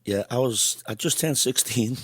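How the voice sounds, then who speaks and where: A man's voice: mid-range voice, moderate pace, a bit bright, breathy edge, no echo. A man in his fifties from Liverpool with a Liverpool accent, hosting a casual radio interview in an enthusiastic, chatty way. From Liverpool, England. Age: 50s. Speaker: radio host.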